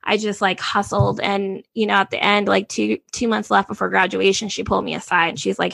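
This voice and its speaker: Gravelly, bright-voiced woman telling her story. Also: mid-range voice, flat delivery, brisk, few pauses, no room sound. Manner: casual and slangy, frank. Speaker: interview guest. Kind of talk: candid personal storytelling.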